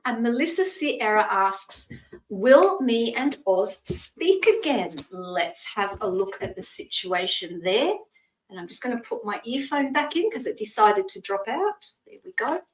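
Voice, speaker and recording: A woman doing live tarot readings as a stand-in host, talking in a gentle, chatty and reassuring way. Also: medium pitch, reverberant, far from the mic, rough recording. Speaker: psychic reader, stand-in host.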